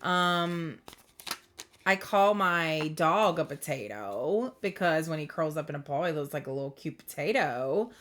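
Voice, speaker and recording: A woman's voice: deep voice, animated, unhurried, fairly bright tone. A woman giving a casual spiritual reading to a camera close to her face, rambling, laughing often and interrupting herself. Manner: rambling, giggly, self-interrupting. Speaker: spiritual reader. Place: indoors under bright light.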